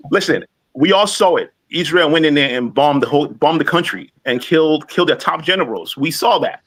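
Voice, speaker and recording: A man's voice: on the high side, lively intonation, moderate pace, fairly bright tone, rough recording. A man in his forties, a panelist in a heated live debate, combative and scolding, talking over others. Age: 40s. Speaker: call-in panelist.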